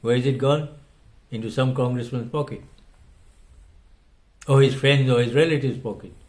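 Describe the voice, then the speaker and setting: A man's voice: mid-range voice, steady tone, normal speed, darkish tone. Impassioned older man. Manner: impassioned, emphatic. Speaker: host. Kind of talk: opinion commentary monologue.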